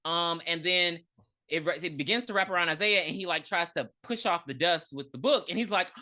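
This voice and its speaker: A woman with a somewhat low, bright voice co-hosts a casual podcast. She recaps the story in animated, slangy chat. She keeps breaking into other people's lines and laughing as she goes. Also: fairly quick. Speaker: podcast co-host.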